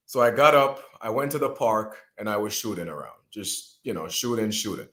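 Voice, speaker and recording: Man, thirties, from Jamaica, animated storyteller, mid-pitched voice, restarts often. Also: a little fast, hardly any pauses. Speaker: guest speaker. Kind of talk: personal storytelling.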